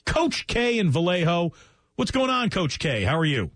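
A man hosting a sports radio show, running through scores in a brisk, joking, chatty way and taking calls in a studio. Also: sits high, sing-song, a bit bright, no echo.

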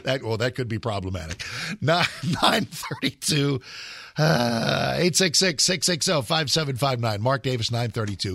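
A man hosting a radio talk show, rambling casually and jumping his voice up high for emphasis. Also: lively intonation, normal speed, vocal fry, a bit bright.

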